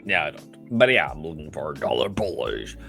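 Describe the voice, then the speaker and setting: A man's voice: extremely low pitch, big pitch swings, fairly quick, vocal fry, bright, forceful tone, faint music behind. A man, a guest analyst, talking casually about currency trades with frequent hesitations. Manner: hesitant, lots of fillers. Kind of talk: casual market discussion.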